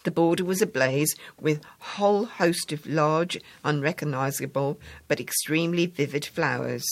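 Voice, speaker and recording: Woman reading a story out, deep voice, measured and warm. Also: no room sound. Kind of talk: reading a story aloud to an audience.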